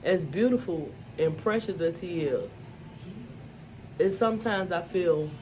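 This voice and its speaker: This vlogger, an adult mother of school-age children, narrates her life story to the camera with candor and emphasis, leaning on "you know" and "y'all." Her lowish voice is expressive, unhurried and a little mellow, with a slight hiss or hum present.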